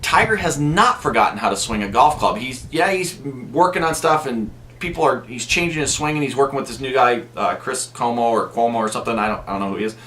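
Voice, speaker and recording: A man's voice: medium pitch, lively intonation, fairly quick, few pauses, bright, forceful tone, a little hiss or hum. A man talking casually to camera as a golf instructor and vlogger, telling stories in a chatty way and often restarting his sentences. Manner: chatty storytelling, frequent restarts. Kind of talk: casual direct-to-camera talk.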